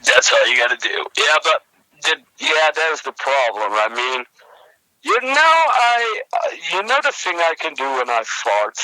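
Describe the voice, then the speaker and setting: A young man co-hosting a comedy podcast, telling a rambling story with many halting restarts. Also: fairly high pitch, big pitch swings, bright, forceful tone, no room sound, poor audio. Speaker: podcast co-host.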